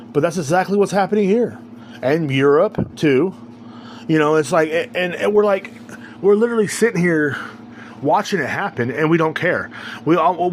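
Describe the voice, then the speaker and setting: A man's voice: a little high, slight background noise. Heated, profane man ranting solo. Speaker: podcast host. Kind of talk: casual ranting monologue.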